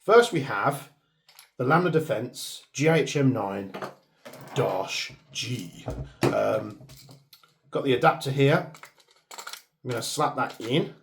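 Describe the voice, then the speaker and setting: Speaking slowly and pausing often, a man with a medium-pitched, animated voice tests airsoft gear on his channel. He talks casually and mutters to himself as he works the equipment, with clear background noise in the recording.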